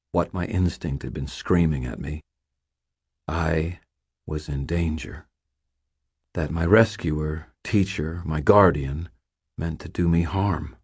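A man narrating an audiobook in a measured, restrained, somber way. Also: very deep voice, darkish tone, husky, dry recording, studio quality.

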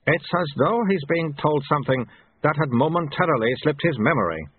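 A man's voice: fairly high pitch, expressive, moderate pace, husky, no room sound. A man doing a blunt, literal senior monk. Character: plain-spoken male senior monk, puzzled. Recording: tinny phone-like audio.

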